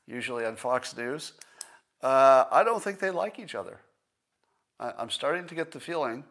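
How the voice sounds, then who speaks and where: A man hosting a livestream in a casual commentary style, thinking aloud and slowing down to stress his points. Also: mid-range voice, a bit bright. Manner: conversational, thinks aloud with restarts and small laughs. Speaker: livestream host.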